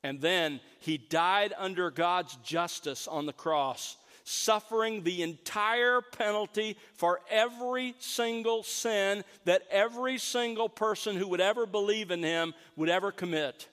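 A man delivers an earnest sermon, his voice sitting a little higher than most men's. He slows down and leans on the words that matter most. The sound rings out with a long, lingering echo, as in a big hall. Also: fairly bright tone, smooth. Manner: earnest preaching, stresses key words slowly. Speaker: pastor.

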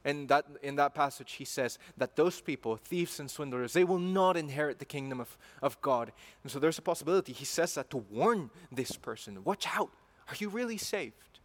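A man's voice: mid-range voice, brisk, few pauses. A man preaching a sermon in an earnest way, repeating phrases and building to emphatic passion.

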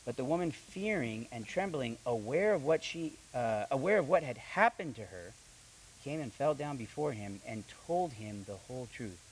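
A young man preaching a sermon with animated delivery, reading scripture and acting out the quoted voices, often repeating his words. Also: medium pitch, moderate pace, husky, low-quality recording. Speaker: pastor.

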